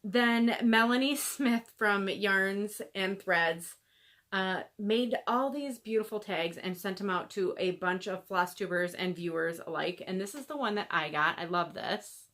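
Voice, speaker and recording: A woman hosting a cross-stitch video, chatting casually and gushing over gifts, with lots of fillers and soft asides. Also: medium pitch, measured pace. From American Midwest. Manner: gushing, chatty, many fillers, drops to near-whispers. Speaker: Flosstube host showing gifts. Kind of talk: casual chat to camera.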